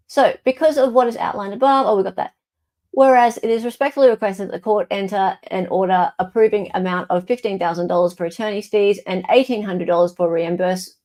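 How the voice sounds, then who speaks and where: A woman's voice: medium pitch, vocal fry, mellow. An Australian woman hosting a casual livestream, chatting, reading court documents aloud and reacting to viewer comments. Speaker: host.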